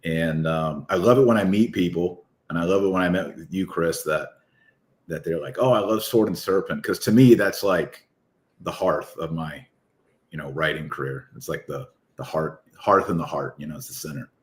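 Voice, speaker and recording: Deep-voiced man, eager podcast guest. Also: normal speed. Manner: enthusiastic, rambling with restarts. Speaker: author guest. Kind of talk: casual podcast conversation.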